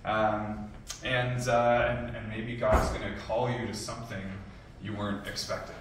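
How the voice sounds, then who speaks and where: A young man talks to a church group in an earnest, easygoing way, filling pauses with ums as he invites and then prays. He sounds set back from the microphone. The room rings with heavy echo over a faint ambient hush. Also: lowish voice, level tone, a little hiss or hum. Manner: earnest, conversational, frequent ums. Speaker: youth and young adults pastor. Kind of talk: church talk and prayer. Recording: echoey room, distant mic, faint ambience.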